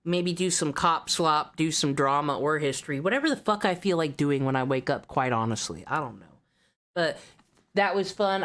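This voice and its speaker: A woman's voice: low voice, a bit bright. A woman streamer chatting casually, wry and rambling, swearing offhandedly.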